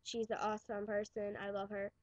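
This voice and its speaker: A woman's voice: mid-range voice, monotone, fairly quick, no echo. Chatty teen girl, New York accent. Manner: chatty, restarts and trails off. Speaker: webcam vlogger. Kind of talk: rambling casual webcam talk. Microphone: webcam mic. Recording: dull lo-fi webcam audio.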